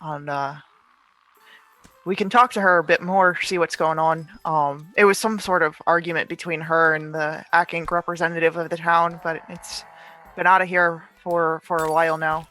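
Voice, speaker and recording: A woman's voice: deep voice, fairly even intonation, normal speed, bright, forceful tone. A woman player describing her moves in a casual, chatty way with lots of fillers. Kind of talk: casual tabletop play.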